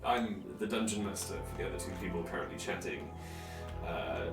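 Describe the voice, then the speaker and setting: A man's voice: sits low, animated, brisk. Rambling man streaming a game. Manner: rambling, many fillers, self-deprecating. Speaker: game streamer and dungeon master. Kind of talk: casual let's-play chat. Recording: roomy from mic distance. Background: game music.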